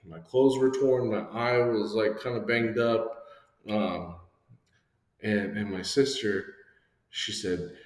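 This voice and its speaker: Animated man teaching in an echoey hall. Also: fairly low pitch, takes it slowly. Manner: animated storyteller who acts out voices. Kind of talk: lesson with a personal story. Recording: echoey hall with long reverb.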